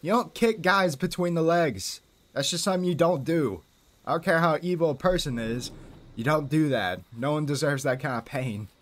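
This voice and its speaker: A man's voice: on the high side, moderate pace. A man giving chatty, playful commentary over a video game recap. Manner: chatty, playful, lively asides. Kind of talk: casual commentary over gameplay.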